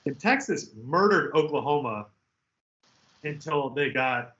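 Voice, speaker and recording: An animated man co-hosting a casual sports podcast, with a bright, slightly high voice. He runs through his betting picks with loose, joking energy. The audio sounds a little dull and lo-fi. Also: measured pace. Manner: animated, mimics people in loud outbursts. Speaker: podcast co-host.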